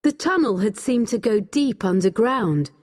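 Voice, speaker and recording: A woman narrating a story for English learners in a slow, expressive reading voice. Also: a little high. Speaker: audiobook reader. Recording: long hall reverb.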